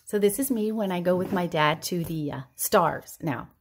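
A woman telling a comic everyday story in a hyper, animated way. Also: on the low side, normal speed, breathy edge. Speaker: comedy vlogger. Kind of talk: comedic storytelling.

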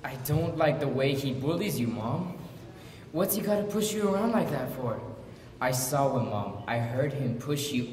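A man's voice: mid-range voice, slight background noise, lightly acted. A male performer playing a desperate teenage son who pleads earnestly with his mother in a stage monologue. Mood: angry. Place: school auditorium. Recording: echoey hall, mic far off.

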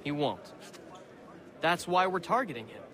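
An actor playing a wry, scheming middle-aged colonial forger locked in prison, in a video game cutscene. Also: male voice, fairly high pitch, sing-song, unhurried, sharp tone, heavily acted. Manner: wry, sardonic, lecturing.

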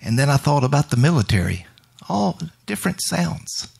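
A man's voice: a little high, very animated, normal speed, gravelly, a little mellow, slightly rough. A male minister giving a spontaneous, reflective sermon during worship and quoting scripture.

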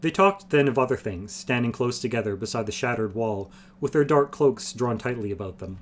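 A man's voice: mid-range voice, slight background noise. Man steadily narrating a fantasy novel. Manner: steady, measured storytelling. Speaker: streamer reading a fantasy novel aloud. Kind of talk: audiobook-style narration.

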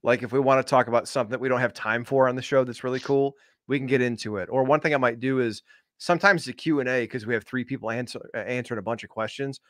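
Podcast co-host dude, talks really fast, chill and chatty, dry mic. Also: male voice, mid-range voice, fairly even intonation, fairly bright tone, dry recording. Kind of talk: casual podcast chat.

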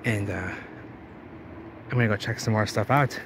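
A man exploring ruins outdoors, rambling and thinking aloud to his camera and getting excited as he finds things. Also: on the low side, normal speed. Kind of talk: casual exploring vlog. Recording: noisy outdoor camera audio.

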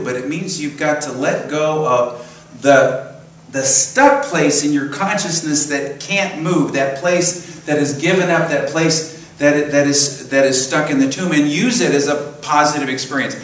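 Male minister preaching in an echoey church. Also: mid-range voice. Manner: conversational storytelling with chuckles. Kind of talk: sermon. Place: church sanctuary. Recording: roomy echo, from far off, faint ambience.

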